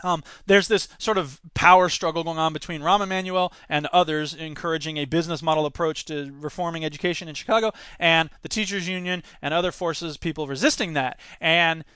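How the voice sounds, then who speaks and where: High-voiced man in his thirties. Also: fairly even intonation, a little fast, few pauses, sharp tone, smooth, no echo. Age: 30s. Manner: emphatic, reads quotes aloud and reacts. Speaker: podcast host and teacher. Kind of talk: opinionated education commentary.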